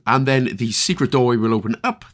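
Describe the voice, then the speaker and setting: A man's voice: medium pitch, lively intonation, a little fast. A man with a Northern Irish accent talking through a video game walkthrough, chatty and full of jokey asides. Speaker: video game guide creator. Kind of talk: casual gameplay walkthrough commentary.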